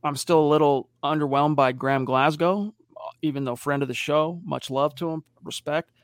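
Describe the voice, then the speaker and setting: A man's voice: on the high side, normal speed, no room sound, studio quality. A man hosting a casual sports podcast, reading out viewer questions and telling stories with acted-out quotes. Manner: animated storyteller, acts out quotes.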